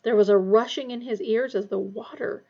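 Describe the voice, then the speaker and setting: A woman reading a novel aloud, giving the characters lively voices. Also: normal speed. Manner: lively character voices, raised pitch for dialogue. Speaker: audiobook reader. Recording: dull lo-fi recording.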